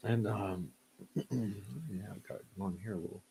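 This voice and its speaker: A man's voice: fairly low pitch, a little slow, creaky, dark tone, slight background noise. A man hosting a casual livestream, greeting viewers by name and rambling loosely with chuckles and fillers. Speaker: livestream host. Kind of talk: casual livestream chat, reading chat names.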